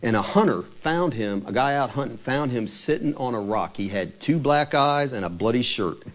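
A man preaching, his voice sitting at an ordinary middle pitch. He retells a story in a conversational way and turns dramatic at key moments. He speaks directly to his congregation. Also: expressive, normal speed. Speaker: pastor. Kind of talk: sermon storytelling.

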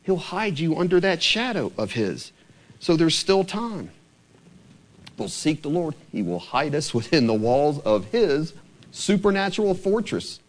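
A man preaching in a church sanctuary, his voice fairly high and swinging widely in pitch. He asks the congregation rhetorical questions and drops lower and slower to read scripture. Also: very animated. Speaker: pastor. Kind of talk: sermon.

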